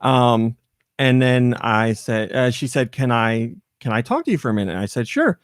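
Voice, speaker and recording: Animated American man telling a story. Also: mid-range voice, moderate pace, clear, resonant tone, no echo, clean studio sound. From United States. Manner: animated storyteller, acts out quoted voices, laughs often. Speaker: podcast host. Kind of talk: casual chat, telling a story.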